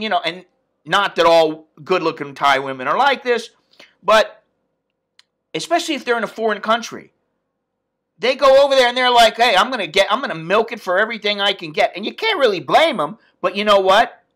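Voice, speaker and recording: A man's voice: high voice, sharp tone. A man from the United States ranting bluntly and profanely in a casual vlog. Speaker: expat vlogger.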